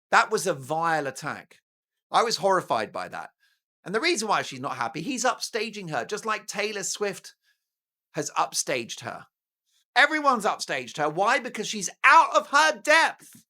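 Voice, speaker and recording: A man's voice: sits high, sing-song, moderate pace, pushed and bright. A man giving scornful, indignant commentary in a theatrical manner. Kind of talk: opinionated commentary.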